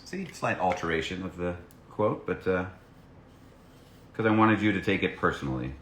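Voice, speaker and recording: A deep-voiced man speaks at a moderate pace in an echoey room. He's a voice actor on a live stream, signing autographs, reading out fan messages, and keeping the chat playful and jokey.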